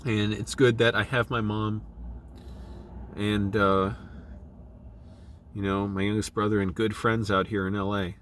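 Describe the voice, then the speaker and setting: Choked up guy, middle-aged, kinda low voice, stops and restarts a lot, soft background hum. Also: flat delivery. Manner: halting and emotional, many restarts and fillers. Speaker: channel creative director. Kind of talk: personal video diary.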